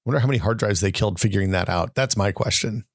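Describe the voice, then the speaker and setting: A man co-hosting a tech podcast in casual chat, explaining ideas through tangents and jokes. His voice sits low with a gravelly edge. The sound is dry and close. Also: fast talker, no echo. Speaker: podcast co-host.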